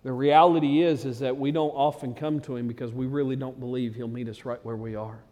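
A man preaching a sermon, talking plainly to his flock, then building to loud, excited peaks. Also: mid-range voice, fairly quick, long reverb tail. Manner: conversational preaching that swells to loud, excited climaxes. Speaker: pastor.

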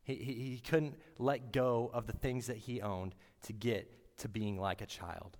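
A man giving a sermon in an earnest, halting way, often restarting his words. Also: mid-range voice, steady tone, darkish tone, long reverb tail. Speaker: preacher.

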